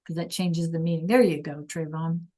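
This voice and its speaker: A woman teaching a class over a video call, explaining slowly and patiently and checking in with "okay?" all the time. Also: sits low, fairly even intonation, warm tone. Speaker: Spanish teacher.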